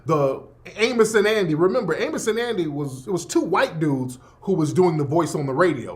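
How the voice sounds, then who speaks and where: A man's voice: fairly high pitch, lively intonation, moderate pace. A man hosting a radio show, delivering a blunt, profane, emphatic opinion monologue. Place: Los Angeles.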